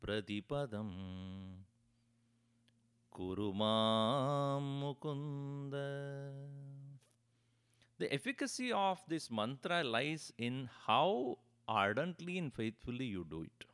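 A man's voice: medium pitch, big pitch swings, unhurried, few pauses, fairly bright tone. A man teaching a spiritual discourse, explaining with rhetorical questions and light chuckles. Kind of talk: religious discourse.

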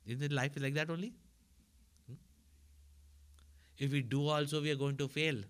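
A man's voice: a little high, steady tone, moderate pace, pauses often. Man giving a spiritual talk. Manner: conversational, asks listeners for agreement. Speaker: spiritual teacher.

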